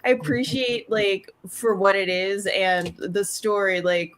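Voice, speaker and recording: A woman co-hosts a podcast, casually chatting about a film in a rambling way, leaning heavily on "like" and "um" and often restarting. Her mid-range voice is steady, unhurried and a bit bright, with slight background noise.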